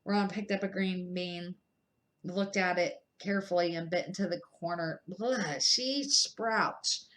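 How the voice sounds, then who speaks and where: A woman's voice: lowish voice, flat delivery, low-quality recording. An older woman reads a children's chapter book aloud for her grandchildren. She goes at an easy, careful pace and sometimes trips over a word and starts again. It sounds homey rather than polished. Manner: unhurried read-aloud with slips and restarts.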